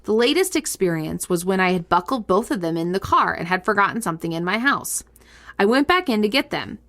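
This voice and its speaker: Woman on a casual podcast, reading spooky listener stories aloud in an animated way. she breaks off with quick reactions and laughs, then goes back to the reading. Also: medium pitch. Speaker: podcast co-host.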